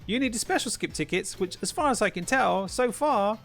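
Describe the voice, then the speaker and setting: High, gravelly man ranting. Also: lively intonation, fairly quick, a bit bright. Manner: exasperated, swears often, rhetorical questions. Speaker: gaming channel host. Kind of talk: ranting game commentary.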